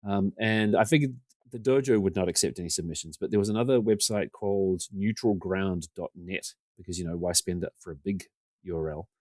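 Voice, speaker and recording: A New man in his forties talks fast in a low, easygoing voice, spinning a long, self-mocking yarn as a podcast guest. He keeps slipping into the voices of the people he's quoting. The sound is dry and close, with no room around it. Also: a little mellow, dry recording. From New Zealand. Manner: rambling, self-deprecating, acts out quotes. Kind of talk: casual storytelling.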